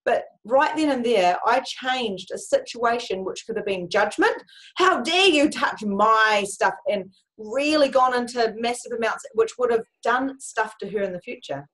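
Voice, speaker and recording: A woman's voice: on the high side, moderate pace, hardly any pauses, low-quality recording. Chatty woman life coach on a video call. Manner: animated storyteller, frequent fillers and restarts. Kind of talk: conversational video-call chat.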